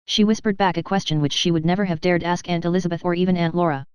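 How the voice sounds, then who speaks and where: A woman reading a novel aloud as an audiobook narrator, measured and clear. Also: on the low side, steady tone, a little mellow, no echo, highs cut off. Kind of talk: scripted narration.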